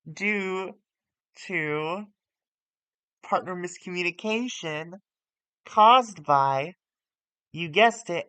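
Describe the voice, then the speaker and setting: Slow, rambling game streamer. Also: medium pitch, pushed and bright, clear, resonant tone, dry recording. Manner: rambling, with restarts and self-corrections. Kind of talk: casual commentary while playing a wrestling management game.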